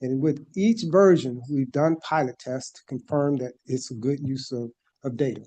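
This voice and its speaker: A man's voice: medium pitch, normal speed, dark tone. A man giving a formal presentation to a planning board and walking through slides one by one. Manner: methodical, explaining slide by slide. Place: board meeting room.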